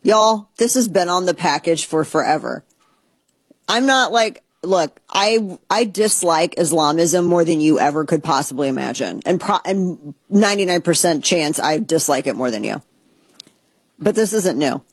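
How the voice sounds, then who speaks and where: A woman hosting a casual opinion talk show, chatty and rambling with animated asides. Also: fairly low pitch, moderate pace, husky, no echo. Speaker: show host.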